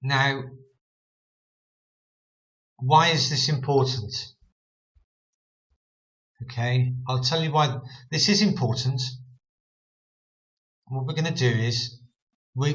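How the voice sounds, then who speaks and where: Male Bible teacher, mid-pitched, unhurried; casual explainer who sounds words out; muffled recording. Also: fairly bright tone. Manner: repeats "okay" often, demonstrates pronunciation aloud. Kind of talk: casual explanatory talk to camera.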